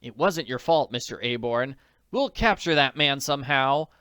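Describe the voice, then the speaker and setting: A man's voice: mid-range voice, animated, normal speed, fairly bright tone, clean tone, dry recording, clean studio sound, natural voice. A man reading an audiobook, voicing a brave, determined teenage girl detective in an urgent, earnest way. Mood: resolute. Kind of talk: audiobook character voice.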